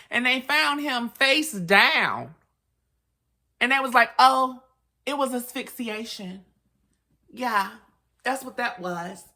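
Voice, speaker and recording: Brief: woman, bright tone, low-set voice, sassy true-crime bedtime storyteller. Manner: sassy, chatty, side-eyeing asides. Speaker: storyteller host.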